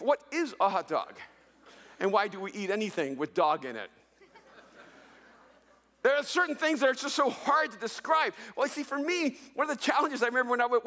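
A man from El Salvador preaching a sermon as a pastor, telling funny stories in an animated way. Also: very high-pitched, long reverb tail. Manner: animated storytelling with jokes.

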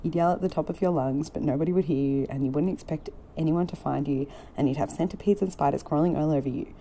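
A woman's voice: low-pitched, mellow, a little hiss or hum. Woman reading as a fragile, intense young woman. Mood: brooding. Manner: earnest, pleading, quickening when upset.

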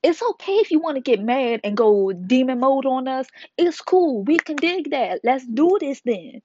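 A woman's voice: sits high, big pitch swings, normal speed, darkish tone, dry recording, voice pushed up. Laid-back coaxing knight, as a woman puts him on, lo-fi and dry. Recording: dull lo-fi dry sound.

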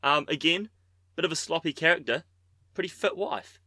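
A man's voice: on the high side, normal speed, sharp tone, dry recording. A man with a New Zealand accent co-hosting a podcast, cheeky and jokey with plenty of slang. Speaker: podcast co-host. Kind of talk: casual banter.

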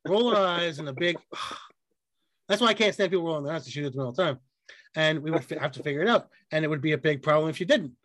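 A man co-hosting a podcast, telling profane, animated stories in casual chat and acting out the people he quotes. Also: on the high side, fast, dry recording. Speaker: podcast co-host.

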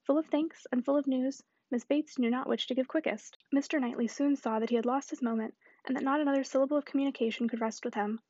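A woman reading a classic novel aloud in an even, unhurried narrating voice. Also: high-pitched, no room sound, dull audio. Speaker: audiobook reader.

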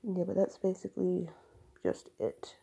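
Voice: medium pitch, lively intonation, a little slow, vocal fry, mellow, husky, rough recording. A young adult rambling hesitantly in a casual monologue to camera, with a voice cracking from allergies.

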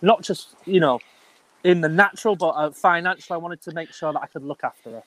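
A man's voice: fairly high pitch, fast talker, no room sound. A man in his thirties or forties, a business owner, telling his story casually in an interview and acting out the dialogue with slang. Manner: animated, acts out quoted dialogue with slang.

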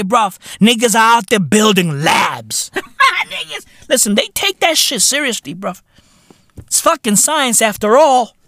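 Podcast host, male, comedic solo rant: slow, bright, sharp delivery with wildly swinging pitch, frequent shouting, dry close sound. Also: dry recording. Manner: profane slang-heavy ranting, bursts into shouting.

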